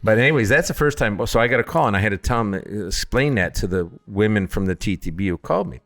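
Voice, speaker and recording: A man's voice: lowish voice, animated, fast. A middle-aged man from Upstate New York telling stories as a distillery founder being interviewed, acting out calls in other voices. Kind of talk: casual storytelling in a podcast interview.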